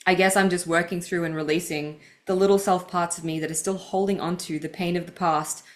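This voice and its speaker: A woman with a somewhat low voice reads from her own writing, stopping to add personal asides. She sounds earnest and vulnerable, and grief keeps rising in her voice as she reads. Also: steady tone, fairly quick. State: emotional, voice welling with grief. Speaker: podcast host.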